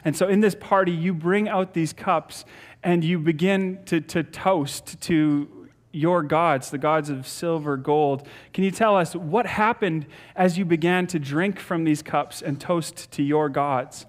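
Upbeat pastor, higher-voiced man. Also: measured pace. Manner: upbeat, playful, laughs easily. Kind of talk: sermon.

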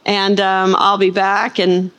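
Chatty, animated woman Bible teacher. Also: mid-range voice, slow pace, clean tone. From United States. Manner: rambling, animated storytelling with playful asides. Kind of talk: chatty sermon intro to a live audience.

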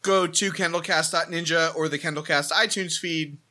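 A man's voice: a little high, steady tone, normal speed, sharp tone. A man co-hosting a podcast, rambling with self-deprecating asides while plugging his projects. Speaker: podcast co-host. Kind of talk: casual podcast chat.

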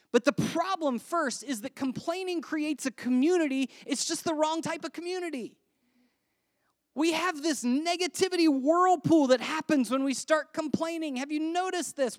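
A woman pastor giving a sermon in a conversational, joking way, full of rhetorical questions and dropping to a hush on scripture. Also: high-pitched, no echo, studio quality.

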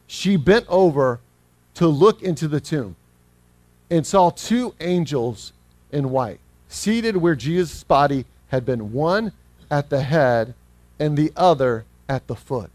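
Male pastor, fairly high voice, earnest and animated, close dry mic. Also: no echo. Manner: earnest, acts out scripture quotes; slows down when reading scripture. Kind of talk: sermon.

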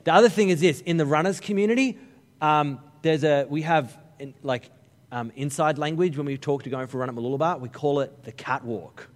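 A middle-aged Australian man preaching a sermon, telling funny stories with lively, joking asides to the congregation. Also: fairly high pitch, fairly quick. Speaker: pastor. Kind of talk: humorous storytelling sermon. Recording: long reverb of a large hall.

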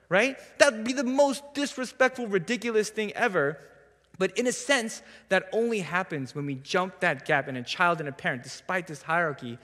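A young adult man giving a sermon in a church, telling a story in a relaxed, conversational way with self-deprecating humor. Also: high-pitched, moderate pace, big-room sound. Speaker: preacher. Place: church sanctuary.

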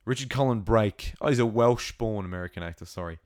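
Young man, low-pitched voice, dry close sound, excited rambling recap, lots of ums. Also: fairly quick, no echo. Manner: excitable, rambling, many fillers and restarts. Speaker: show reviewer. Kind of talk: casual episode recap.

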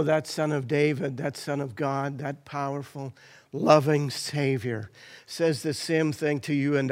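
A man preaching in a church with a fairly high voice. He delivers his sermon with passion, rising to ringing declarations and then dropping to soft, near-whispered lines. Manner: impassioned, swings from loud to hushed.

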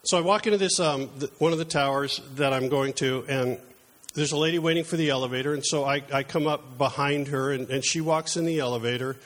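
A man's voice: mid-range voice, fairly quick, a bit bright. A middle-aged man preaching a conversational sermon, telling personal stories in a chatty, self-deprecating way.

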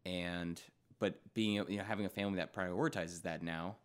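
A young man in casual podcast chat, rambling and restarting his sentences, now and then breaking into loud goofy bits. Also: sits low, fairly even intonation, brisk, clean tone. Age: young adult.

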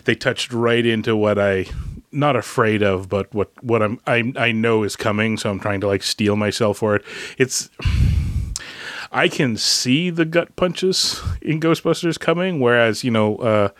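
A man's voice: medium pitch, a little slow, fairly bright tone, dry recording, studio quality. A man co-hosting a podcast in casual chat, talkative and wry, laughing easily. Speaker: podcast co-host.

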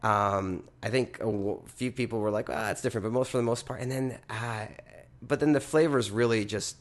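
A male podcast host in casual conversation, talking at an ordinary middle pitch. He rambles and stops himself mid-thought, trailing off and restarting. He pokes fun at himself as he talks. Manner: rambling, halting, self-deprecating. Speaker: podcast host running a blind tasting. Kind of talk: casual chat.

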